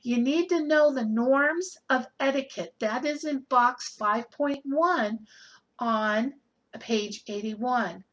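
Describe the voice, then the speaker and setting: A woman teaches a nursing class in a recorded lecture. She speaks slowly and deliberately in a slightly high voice. She keeps it conversational, with rhetorical questions and a habitual "okay?" to check in with her students. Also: low-quality recording. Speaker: nursing instructor.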